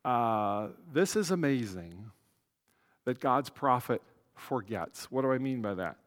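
A man's voice: medium pitch, expressive, slow, long reverb tail. A man pastor giving a conversational sermon, with asides and self-corrections.

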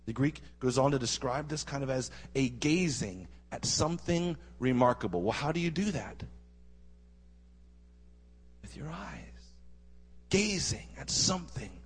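Male pastor mid-sermon, breathy and animated, echoing through a large church hall. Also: mid-range voice. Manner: animated preaching with rhetorical questions to the congregation. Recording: husky voice with long hall reverb.

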